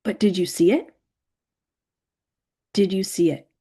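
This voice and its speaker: A middle-aged woman coaches wives on their marriages in a direct, emphatic talk. Her voice sits in a middle pitch, and she stretches out words she wants to land. She keeps pausing on "okay" and asking whether the listener sees it. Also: fairly even intonation, mellow, husky. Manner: emphatic, repeats "okay" and "do you see it", slows to stress words.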